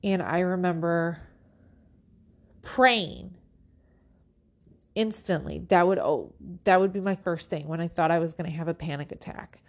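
Slow, earnest woman sharing her faith. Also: lowish voice. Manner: earnest, halting, many restarts. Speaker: podcast host. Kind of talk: personal faith testimony.

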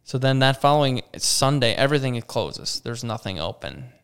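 A young adult man who manages campground operations tells a story in conversation, speaking at normal speed in a clear, resonant, mid-range voice. He is animated, acting out what people said in quoted voices and saying "like" a lot.

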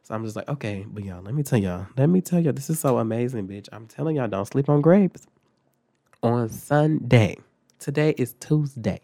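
A young man, recovering from an illness and sounding congested, telling a story casually and profanely with big jumps in pitch. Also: expressive, normal speed, gravelly, mellow, dry recording. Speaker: vlogger.

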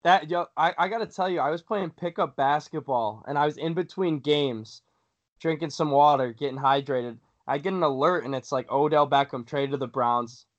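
A young man hosts a casual sports podcast with hyped energy and quick laughs. His voice sits a bit high for a man. The recording sounds dull and lo-fi. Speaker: podcast host.

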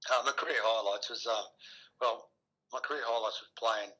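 A man's voice: mid-range voice, moderate pace, pushed and bright, breathy edge, rough recording. A middle-aged man, a retired rugby player, talking casually as an interview guest, rambling with many restarts and fillers. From Australia.

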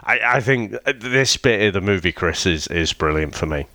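A man's voice: low-pitched, animated, pushed and bright, no echo. A man co-hosting a casual film review chat, enthusiastic and often restarting his sentences. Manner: enthusiastic, halting with frequent restarts. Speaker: podcast co-host.

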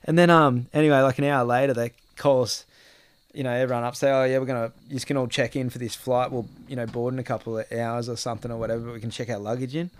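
A man in casual chat, telling lively stories and acting out what people said, with the odd swear word. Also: medium pitch, fast, clear, resonant tone, no echo. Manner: animated storyteller, acts out quotes, swears casually.

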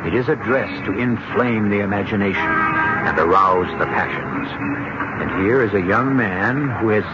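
A man hosting a radio mystery show, giving scripted introductions in a measured, wry manner with dramatic pauses. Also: on the low side. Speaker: host. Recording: dull old radio broadcast with music.

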